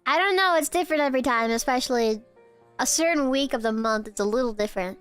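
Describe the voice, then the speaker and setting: A young woman streaming live, who teases her chat in a giggly, playful way while pretending to be a barista and sometimes breaks into squeaky outbursts. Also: fast, fairly bright tone, clear, resonant tone, faint music behind.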